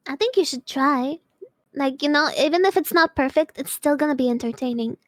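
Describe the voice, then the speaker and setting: A woman's voice: sits high, no room sound. A woman, chatting playfully on a stream and often drawing words out into whines and hums. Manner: playful, drawn-out whining and humming. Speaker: guest streamer. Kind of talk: casual stream chat.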